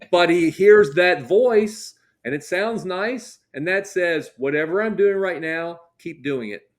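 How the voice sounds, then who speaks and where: A man's voice: high voice, takes it slowly. A middle-aged man, a guest dog trainer, explaining in casual interview chat and acting out client dialogue as he tells stories. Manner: storytelling, acts out client dialogue.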